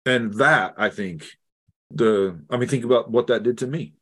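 A middle-aged man, a guest theologian, telling a personal story in an earnest, halting way with many restarts. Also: medium pitch, fairly bright tone. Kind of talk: reflective storytelling in conversation.

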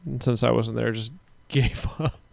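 A man's voice: medium pitch, steady tone, measured pace, gravelly, no echo. A man in his thirties co-hosting a casual streamed chat show, rambling with frequent laughs and casual swearing. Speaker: podcast co-host.

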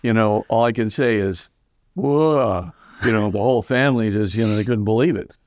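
An older man, a priest as guest, telling stories in an animated way and acting out the voices of the people in them. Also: fairly low pitch, fast, no room sound, studio quality. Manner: lively, acts out quoted voices, many fillers. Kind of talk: animated anecdotal storytelling.

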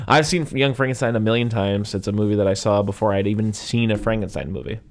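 Man, lowish voice, casual movie chat, rambling, lots of fillers and asides. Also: fairly quick. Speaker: podcast co-host.

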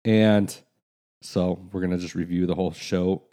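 A man's voice: deep voice, steady tone, normal speed, mellow. A man co-hosting a podcast, telling stories in an easygoing, rambling way. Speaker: podcast co-host. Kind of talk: casual chat.

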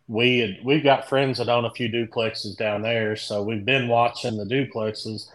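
A middle-aged man from Indianapolis with a Kentucky country accent, a podcast guest chatting loosely and telling stories in a drawn-out, rambling way. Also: medium pitch, fairly even intonation, fairly bright tone, low-quality recording. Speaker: guest, dent repair tech. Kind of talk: casual podcast chat.

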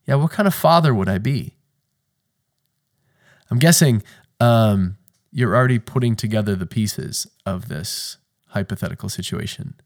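A man's voice: lowish voice, expressive, normal speed, long pauses. Earnest man in a faith podcast. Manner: earnest and emotional, dropping into hushed asides. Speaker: podcast host. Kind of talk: reflective faith podcast monologue.

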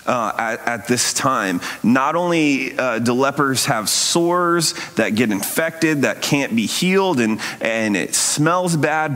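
A man's voice: medium pitch, fairly bright tone, long reverb tail. A man preaching a sermon in a conversational way, often checking in with his listeners. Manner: conversational, frequent "right?" asides. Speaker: pastor.

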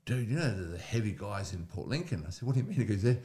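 A man's voice: lowish voice, rapid-fire. A young Australian man on a podcast, a comedian telling casual stories and acting out the people in them. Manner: animated storyteller who acts out quoted voices. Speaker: comedian and mental health speaker.

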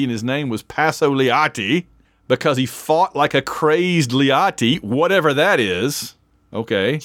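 Man, casual podcast chat, eager fan, mid pitch, dry studio sound. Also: fairly bright tone, dry recording. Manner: chatty, enthusiastic fan, self-interrupting. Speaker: podcast co-host.

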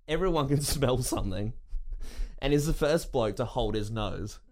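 Young Australian male radio co-host, casual storyteller, average pitch, easy laughs. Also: expressive, moderate pace, darkish tone. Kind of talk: casual banter.

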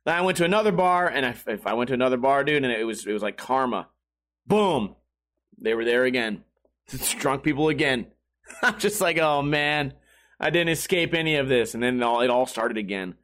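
A man's voice: medium pitch, expressive, fairly quick, a bit bright. A man hosting a podcast, telling a story casually, swearing and laughing often. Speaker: podcast host.

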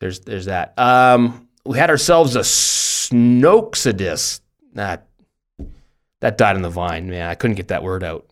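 A middle-aged man with a fairly low voice, chatting casually as a podcast host. He rambles, trips over words and pokes fun at himself, his speech loose and unscripted. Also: a little slow. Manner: rambling, self-deprecating, stumbles over words. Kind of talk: casual chat.

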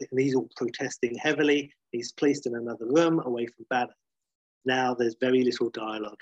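Man retelling a story, husky. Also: mid-range voice, no room sound. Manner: lively, sweary, acts out characters' lines. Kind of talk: casual spoken retelling of a story. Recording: dull muffled lo-fi sound.

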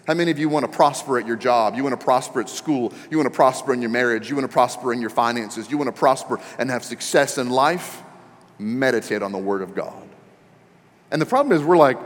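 A male pastor delivers a sermon in an animated, joking style. His mid-pitched voice climbs into emphatic rapid questions. The sound rings with long reverb from a large church hall.

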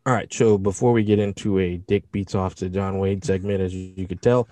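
A young man co-hosting a podcast, animated and jokey, swearing freely in casual chat. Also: low-pitched, brisk, no echo. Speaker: podcast co-host.

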